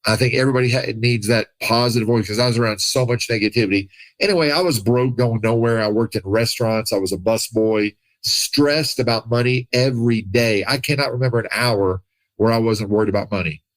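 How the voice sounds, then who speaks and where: A man with a mid-range voice tells his own story as a podcast guest. He is animated, drops into voices for the people he quotes, and laughs easily. The room sound is dry and close. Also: medium pitch, a little fast, dry recording, poor audio. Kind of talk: casual storytelling.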